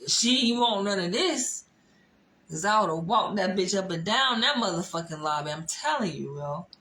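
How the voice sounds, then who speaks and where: Telling a story for her vlog, a woman curses a lot, laughs, and hits her words hard. She speaks at normal speed in a mid-range, expressive voice that sounds pushed and bright. The low-quality recording carries faint background noise.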